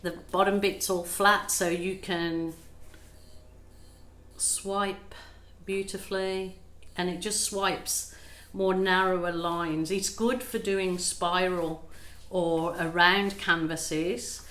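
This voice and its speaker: A woman's voice: lowish voice, fairly even intonation, slow, a bit bright. A middle-aged woman, the channel's host, chatting casually and self-deprecatingly as she explains an acrylic paint pour at home. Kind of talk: casual how-to chat while painting. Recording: echoey room, faint ambient noise.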